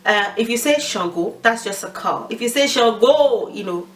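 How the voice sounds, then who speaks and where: A woman's voice: on the high side, animated, brisk, fairly bright tone, recorded from a distance, low-quality recording. A woman giving a casual language lesson, chatty and laughing often as she mixes in Yoruba phrases.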